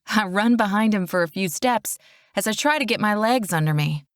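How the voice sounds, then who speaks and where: A woman narrating a first-person romance audiobook in an intimate, steady way, close to the mic. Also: mid-range voice, normal speed, dry recording.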